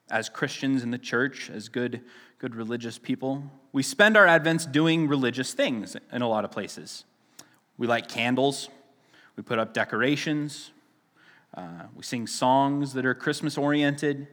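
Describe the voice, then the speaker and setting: A man's voice: mid-range voice, a bit bright. A man preaching a casual sermon as a pastor, chatty and joking, often restarting his sentences and laughing at himself. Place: church sanctuary. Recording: long reverb of a church hall.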